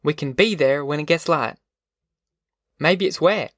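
A man voicing a weary, determined migrant farm mother who gives brisk orders. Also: on the high side, fairly bright tone, dry recording, studio quality, voice pushed up. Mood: brisk, commanding. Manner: brisk, commanding.

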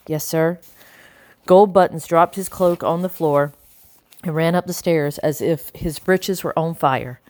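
Low-voiced woman narrating an audiobook. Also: a little slow, a little mellow, no room sound. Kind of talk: scripted narration.

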